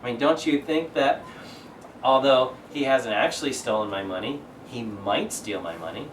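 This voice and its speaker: A man's voice: medium pitch, normal speed, a little hiss or hum. A male pastor preaching a conversational sermon, asking rhetorical questions and acting out quotes. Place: church sanctuary. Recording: echoey church room, miked from a distance.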